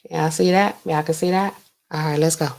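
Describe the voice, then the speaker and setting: A woman's voice: deep voice, fairly even intonation, moderate pace, vocal fry, noisy background. Chatty woman livestreaming news commentary. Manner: chatty, addresses the chat directly. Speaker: livestream host. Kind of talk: casual livestream commentary, reading news aloud.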